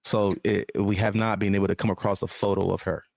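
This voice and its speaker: Low-voiced man explaining in a clip. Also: little pitch movement, quick pace, vocal fry, darkish tone, dry recording. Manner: matter-of-fact, explaining. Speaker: news show narrator. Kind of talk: online news commentary.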